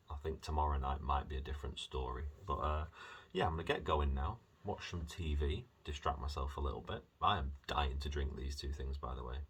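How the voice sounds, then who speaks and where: A British man chatting in a rambling, self-mocking way in a casual video diary, dry-mouthed from fasting. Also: extremely low pitch, fairly bright tone, husky. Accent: British English. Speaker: vlogger.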